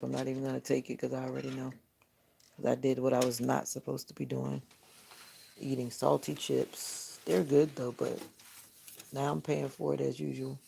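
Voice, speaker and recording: This morning live stream comes from a man's home by a window with bird feeders, where he rambles chattily and keeps revising sentences midway. He has a warm, medium-pitched voice with vocal fry, and a little background noise can be heard.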